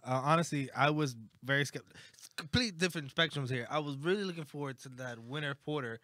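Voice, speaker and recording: A man's voice: on the high side, fairly quick, sharp tone, no room sound, studio quality. A man co-hosting a casual beer-tasting podcast, swearing freely and laughing easily as he chats. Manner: profane, laughing, easily flustered. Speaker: podcast co-host. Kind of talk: casual chat over beers.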